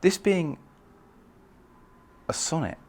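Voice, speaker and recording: A man giving a recorded poetry lecture who reads verse aloud and talks with lively emphasis, pushing key words up in pitch and volume. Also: slow. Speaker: literature lecturer.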